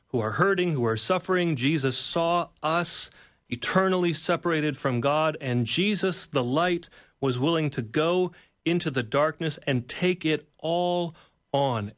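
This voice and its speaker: A pastor and author, guesting in an interview, gives a reflective devotional talk in an earnest, preacher-like manner, building his points through repeated phrases. His voice is a little high.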